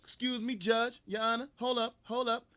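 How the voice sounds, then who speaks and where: A man's voice: very high voice, flat delivery, moderate pace, sharp tone. A man voicing a defiant male celebrity in court, brash, cocky and profane, on a dull lo-fi podcast recording.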